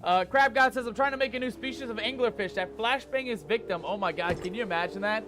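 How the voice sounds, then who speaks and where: Streaming a pirate game live, a man with a high voice keeps up a quick pace, reading chat messages aloud and having fun with pirate slang. Music plays beneath his commentary.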